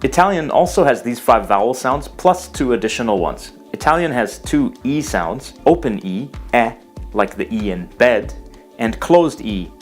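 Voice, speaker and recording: A man narrating a scripted language lesson, explaining carefully and slowing down to pronounce example words. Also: medium pitch, expressive, soft background music. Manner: measured, explanatory, slows to pronounce foreign words. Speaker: language teacher.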